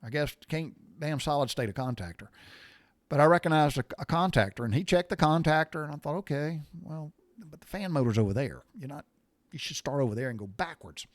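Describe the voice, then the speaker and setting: A man's voice: a little high, lively intonation, fairly quick, no room sound. A middle-aged man telling a story in a casual, blunt, folksy way. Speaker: podcast host.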